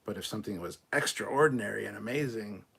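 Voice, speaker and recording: A man's voice: low-pitched, expressive, normal speed, noisy background. A man hosting a casual livestream, reading chat aloud, swearing often and laughing between remarks. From Canada.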